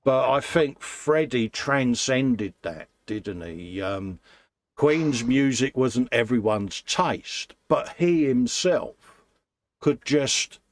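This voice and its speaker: A man's voice: mid-range voice, lively intonation, slow. A man hosting a casual livestream chat, greeting viewers and calling them mate. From England. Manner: chatty, warm greetings to viewers, calls people mate. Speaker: livestream host.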